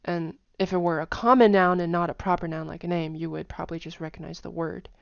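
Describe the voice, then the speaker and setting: Woman, casual language lesson, low-ish voice, chatty with fillers, dry slightly dull recording. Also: steady tone, fast, gravelly, no echo. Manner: chatty, many fillers, hums and sings tone patterns. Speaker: language teacher.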